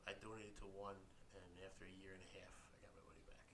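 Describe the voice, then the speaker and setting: A man co-hosting a casual podcast chat about comics, talking in a low monotone to save his voice, blunt and wisecracking. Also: fast talker, slight background noise. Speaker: podcast co-host.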